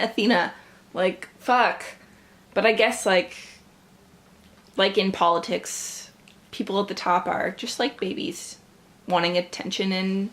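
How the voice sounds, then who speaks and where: A young woman chatting casually in a reading vlog, gushing and swearing lightly, with lots of "like" in her talk. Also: medium pitch. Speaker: book vlogger. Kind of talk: casual chat.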